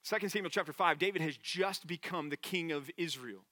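Bright-voiced man preaching. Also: on the high side, a little fast, no room sound, clean studio sound. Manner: earnest, conversational preaching. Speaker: pastor. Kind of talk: sermon.

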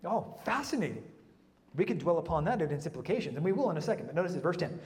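A man preaching a sermon in a lively way, with humorous asides and frequent restarts. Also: on the high side, racing, big-room sound.

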